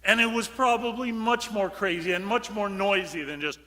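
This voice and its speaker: A man preaching a lively homily as a priest, switching to hushed voices for quotes and sometimes calling out loud. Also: sits high, moderate pace, in a large hall. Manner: animated, acts out quotes in hushed voices, sudden shout. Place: large church.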